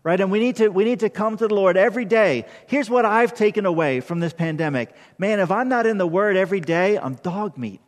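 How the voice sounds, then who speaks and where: A man's voice: high voice, lively intonation, brisk, hardly any pauses. A man preaching as pastor, earnest and conversational, often checking in with "right?" before leading a closing prayer. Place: church sanctuary. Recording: long hall reverb.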